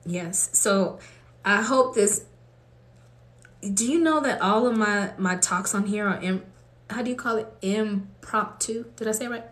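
Her voice is medium-pitched and fairly bright, at a normal speed with frequent pauses. This Colorado livestream host mixes prayer with casual, off-the-cuff chat, laughing a lot and reading out viewers' comments amid a roomy echo.

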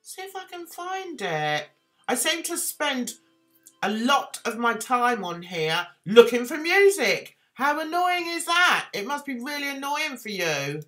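A woman's voice: sits high, very animated, measured pace, fairly bright tone, faint music behind. A woman hosting a casual live stream, rambling and self-deprecating as she chats with viewers. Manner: chatty, rambling, self-deprecating, reads chat aloud. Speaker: livestream host.

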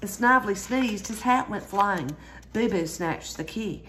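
A woman reading a children's storybook aloud in a lively way, jumping higher for the characters' cries. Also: a little slow, a little hiss or hum. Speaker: storyteller reading a picture book.

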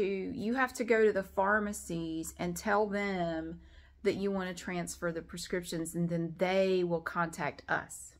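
A middle-aged woman, talking casually to the camera at home and telling an exasperated, animated story. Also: fairly low pitch. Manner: exasperated, animated retelling with acted-out quotes. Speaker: vlogger.

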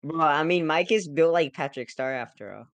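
A woman with a fairly low voice chatting over a game, quick to joke and laugh. She talks loosely and playfully. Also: no room sound. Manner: joking, laughing easily. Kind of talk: casual gaming chat.

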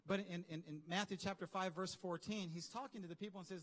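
Man, pastor, high voice, animated casual preaching, long church-hall reverb. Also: quick pace, few pauses. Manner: animated, conversational preaching with slang and asides. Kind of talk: sermon.

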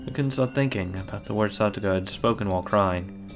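A man's voice: on the low side, a little fast, music in the background. A man reading a visual novel aloud for a let's-play, breaking in with blunt, profane commentary.

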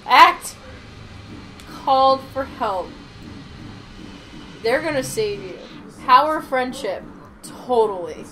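A woman's voice: high voice, lively intonation, takes it slowly, pauses often, fairly bright tone, slight background noise, low-quality recording. A woman co-hosting a video game let's play, chatting casually, teasing, swearing freely and laughing often. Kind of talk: casual gameplay chat.

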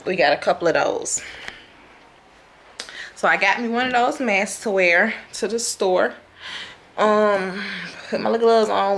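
A woman's voice: medium pitch, gravelly, slight background noise. A woman chatting casually to her viewers from her kitchen at home, colloquial and talkative, often calling them "y'all". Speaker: vlogger. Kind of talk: casual chat to camera.

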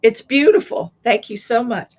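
A woman's voice: on the high side, lively intonation, normal speed, darkish tone, muffled recording. An older woman from Florida chatting casually on her crafting vlog, gushing over gifts and showing what she has sewn and crocheted. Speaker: crafting vlogger. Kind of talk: casual show-and-tell chat.

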